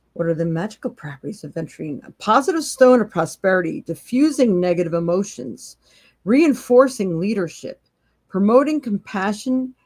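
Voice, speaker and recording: On her live psychic tarot stream, this podcast host chats casually, laughs a lot and gives encouragement bluntly. Her voice is fairly low and a little mellow. It's recorded cleanly in a studio with no audible room.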